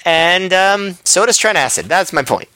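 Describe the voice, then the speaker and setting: A man's voice: high voice, expressive, normal speed, bright, forceful tone, clear, resonant tone, no echo. A man co-hosting a podcast, talking casually with many fillers and restarts. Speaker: podcast co-host. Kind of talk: casual chat.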